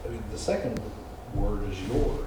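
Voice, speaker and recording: A man in a study group offering thoughtful, quick remarks in the discussion. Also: fairly low pitch, background noise. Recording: distant echoey room mic.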